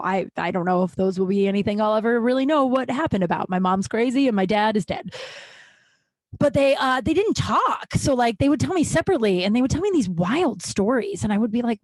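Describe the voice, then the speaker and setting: A woman's voice: medium pitch, no echo. A woman in her thirties hosting a podcast, telling candid personal stories in a rambling, self-correcting way and laughing at them. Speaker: podcast host.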